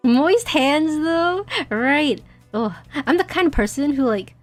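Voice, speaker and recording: A young woman streaming a game, chatting casually in a giggly, rambling, self-deprecating way, her throat a little dry and husky. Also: high-pitched, lively intonation, slow pace, faint music behind. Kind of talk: casual gaming stream chat.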